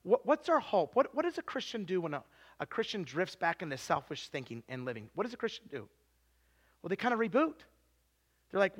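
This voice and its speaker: A man preaching a sermon in an earnest way, repeating words, telling stories and acting out quotes, swinging from hushed to rising and loud. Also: high-pitched, very animated, fairly quick, husky.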